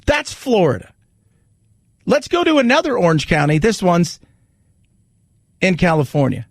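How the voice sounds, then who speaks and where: A man with a fairly high, gravelly voice hosts a talk radio show from his studio. He talks casually and animatedly, slipping into little acted voices for his jokes. The sound is close and dry, with no room around it. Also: normal speed, dry recording. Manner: animated storyteller who acts out voices in jokes.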